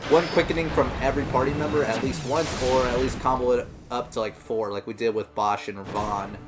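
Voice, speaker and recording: A man's voice: mid-range voice, steady tone, a little fast, over loud music. A man giving casual, rambling let's-play commentary, full of fillers and self-corrections. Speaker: gameplay commentator.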